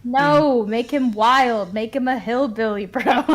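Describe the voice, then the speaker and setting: A woman's voice: fairly high pitch, slow pace. A woman hosting a casual game stream with friends, giggly and playful. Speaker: host of the live voicing stream. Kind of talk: casual chat while playing.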